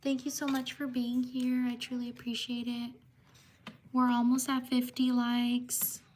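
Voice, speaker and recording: A woman with a high, fairly level voice hosts a live stream, giving unhurried shout-outs to viewers one by one. She pauses over names she is unsure how to say. A faint hum of noise sits behind her. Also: monotone.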